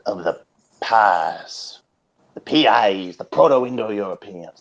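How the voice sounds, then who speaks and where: A man with a lowish voice rambles through an improvised mock sermon, swinging between hushed whispers and sudden loud declaiming. His delivery is grandiose and preacher-like, and a faint hiss sits under the recording. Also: animated, takes it slowly, lo-fi sound. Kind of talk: improvised comedic mock oration.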